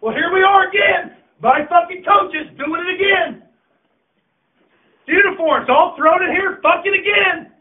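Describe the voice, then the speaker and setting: A man coaching a high school team, shouting and swearing as he berates his players in a locker room. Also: measured pace. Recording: echoey, distant, tinny phone-like audio.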